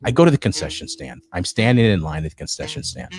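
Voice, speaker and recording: A man co-hosting a podcast, telling a story in an animated, excitable way. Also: lowish voice, quick pace, soft background music. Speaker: podcast co-host. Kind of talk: casual chat, storytelling. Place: home podcast stream.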